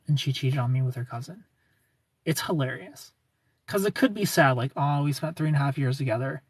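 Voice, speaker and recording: Husky, breathy voice, young adult streamer, casual chat, sarcastic, laughs a lot, mid pitch. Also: darkish tone, no echo. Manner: chatty and sarcastic, laughs often, answers viewers by name. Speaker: livestreamer reading chat.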